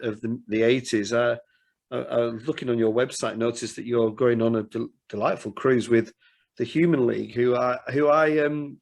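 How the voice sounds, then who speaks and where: A man hosting a podcast interview, asking questions in an eager, chatty way with stumbling restarts. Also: medium pitch. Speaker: podcast host.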